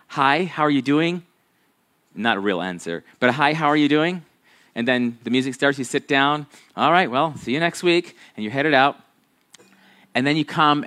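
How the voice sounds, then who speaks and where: A man's voice: medium pitch, fairly bright tone. A man, a pastor, preaching a sermon in a conversational, folksy storytelling manner with frequent restarts.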